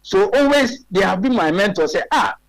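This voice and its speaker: On a low-quality recording, a Ghanaian-accented man in his forties argues his case as a radio talk show guest. His high voice moves at a moderate pace with lively intonation, and he's emphatic and full of rhetorical questions.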